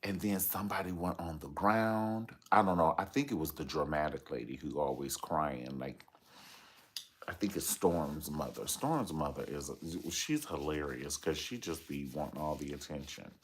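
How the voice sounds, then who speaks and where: A man's voice: very deep voice, moderate pace, a little hiss or hum. A man giving sassy, dramatic commentary on reality TV gossip, telling the story with playful asides.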